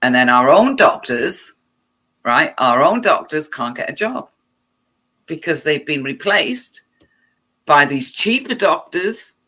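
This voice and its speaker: A woman's voice: deep voice, sing-song, slow, bright, forceful tone. A woman vlogger reading text aloud and breaking off for sarcastic, irritated remarks.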